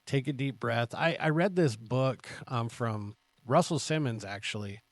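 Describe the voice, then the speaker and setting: A man's voice: medium pitch, measured pace, dry recording. A man co-hosting a casual podcast, joking around and moving on to the next question. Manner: joking, moves the show along with questions. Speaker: podcast co-host. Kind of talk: casual chat.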